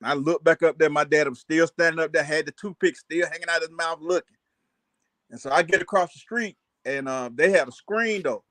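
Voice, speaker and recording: A man spins childhood stories in loose, slangy talk. His voice sits high, and he keeps it lively and full of laughter. The sound is close and dry, with no room around it. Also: fairly quick, dry recording. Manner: animated, laughing storyteller with Southern US slang. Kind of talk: casual storytelling chat.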